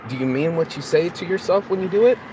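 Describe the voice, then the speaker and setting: A man's voice: fairly high pitch, expressive, fast talker. A man giving an unscripted motivational talk, asking rhetorical questions and often restarting his words. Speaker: motivational vlogger. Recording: outdoor traffic noise.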